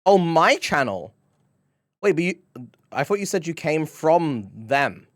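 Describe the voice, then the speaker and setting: A man's voice: on the high side, sing-song, unhurried, no room sound, clean studio sound. A man with a British accent chatting playfully with his viewers on a live stream, often breaking into giggles. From Britain. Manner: playful, giggly, reacting to chat.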